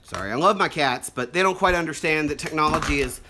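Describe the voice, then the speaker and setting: A middle-aged vlogger excitedly setting up an old home computer, thinking aloud and tripping over words with delight. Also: medium pitch, fast, noisy background. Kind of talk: casual unboxing and setup commentary.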